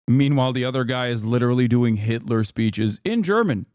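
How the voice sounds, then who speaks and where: A man's voice: medium pitch, fairly quick, few pauses, darkish tone, no echo, studio quality. A man in his thirties giving sarcastic, incredulous commentary on a live stream while reacting to a news report.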